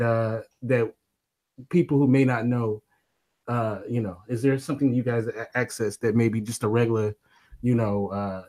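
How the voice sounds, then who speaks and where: A man hosting a casual panel chat, asking his questions haltingly with many fillers. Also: medium pitch, darkish tone. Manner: halting, full of fillers and restarts. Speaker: host.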